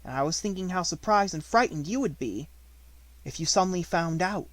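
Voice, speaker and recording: A man's voice: sits high, expressive, fairly quick, a bit bright, no room sound, pitched above the performer's own voice. A man voicing a composed, imaginative young girl who speaks grandly and politely, in an audiobook reading. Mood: defiant.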